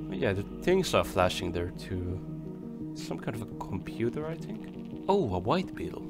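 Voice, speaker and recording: A young man casually commenting on his gameplay, chatty and swearing, his voice hoarse from coughing. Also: fairly low pitch, big pitch swings, a little slow. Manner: chatty, swears, talks to creatures on screen. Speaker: let's play gamer. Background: game music.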